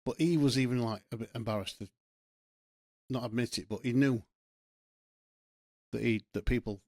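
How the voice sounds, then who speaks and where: A man's voice: mid-range voice, normal speed, darkish tone, no echo, clean studio sound. A middle-aged man with a Yorkshire accent, hosting a solo podcast with a blunt, sweary, passionate rant. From Yorkshire, England. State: sweating, hot. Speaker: podcast host.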